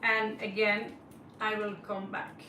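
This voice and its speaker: A woman's voice: mid-range voice, level tone, slow pace, bright, forceful tone, recorded from a distance, a little hiss or hum. A woman hosting a live tarot stream, chatting casually and greeting viewers by name as she rambles. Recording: roomy, set back from the mic.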